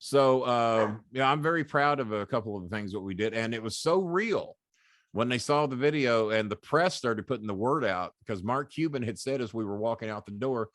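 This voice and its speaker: A middle-aged man, guesting on an interview and telling animated, profane, boastful anecdotes. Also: medium pitch, brisk, no room sound, studio quality. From Louisville, Kentucky. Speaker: guest, former wrestling manager. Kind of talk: casual storytelling interview.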